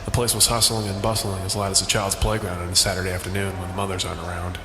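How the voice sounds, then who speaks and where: An actor playing a wisecracking private detective who narrates in a dry, hard-boiled way and grows exasperated. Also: male voice, deep voice, little pitch movement, quick pace, background noise. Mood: wry narration. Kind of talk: comedy noir audio drama.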